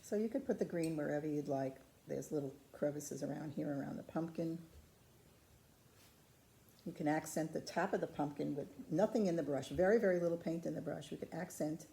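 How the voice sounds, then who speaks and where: A woman's voice: deep voice, brisk, creaky. A woman patiently demonstrating ceramic painting step by step, chatting to the camera as she works. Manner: calm, patient, chatty instruction. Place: craft studio.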